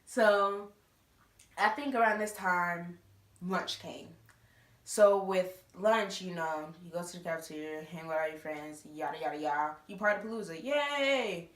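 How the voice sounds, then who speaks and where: A woman's voice: fairly low pitch, a little slow. Young woman doing a storytime vlog, laughs a lot, slangy, echoey room. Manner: animated, laughing, slangy asides. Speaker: storytime vlogger. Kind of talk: casual storytelling. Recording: roomy echo.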